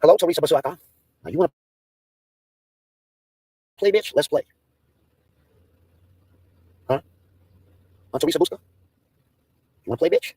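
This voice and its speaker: A man's voice: a little high, very animated, unhurried, long pauses, mellow, breathy edge, dry recording. A man in a profane, taunting livestream rant, mocking and daring his targets.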